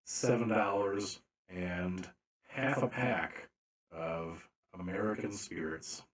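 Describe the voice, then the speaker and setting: A man narrating a tabletop game as game master, slow and deliberate with frequent fillers. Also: on the low side, echoey room.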